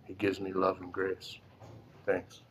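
Halting, heartfelt older man. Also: low voice, completely flat delivery, heavy background noise. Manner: halting, plainspoken, emotional. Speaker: recovery meeting speaker. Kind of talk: personal testimony at a support meeting.

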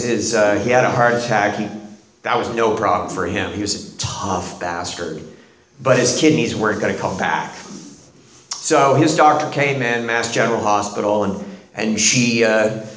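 A middle-aged man, a guest on the show, telling a personal story in a halting way, with many restarts and quiet pauses. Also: lowish voice. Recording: roomy echo.

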